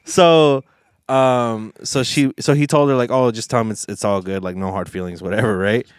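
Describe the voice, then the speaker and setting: A man's voice: medium pitch, moderate pace, clear, resonant tone, no echo, studio quality. Young man rambling through a story. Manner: rambling, heavy filler and swearing, animated retelling. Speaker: podcast host. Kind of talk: casual storytelling chat.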